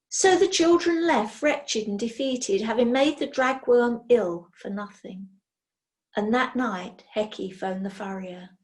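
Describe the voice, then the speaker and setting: A woman reading a children's storybook aloud in an expressive way. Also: medium pitch. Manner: slow, expressive.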